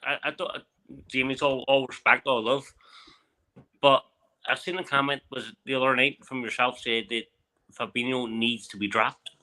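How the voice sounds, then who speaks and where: Man, Irish accent, caller, very bright sharp tone, blunt, pushes back. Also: mid-range voice, steady tone, moderate pace. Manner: blunt, argumentative questioning. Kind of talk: casual call-in talk.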